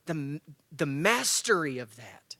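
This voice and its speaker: Telling a story to a live audience at a church men's breakfast, a man from Tennessee and Georgia speaks slowly at a fairly high pitch. He is very animated, acting the tale out with loud bursts and quiet asides.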